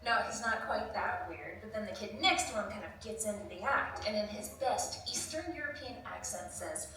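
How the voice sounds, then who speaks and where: An actress playing a chatty diner employee who tells animated stories about her coworkers. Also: medium pitch, moderate pace. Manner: animated, storytelling, laughing easily. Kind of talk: audio drama acting. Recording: distant echoey room.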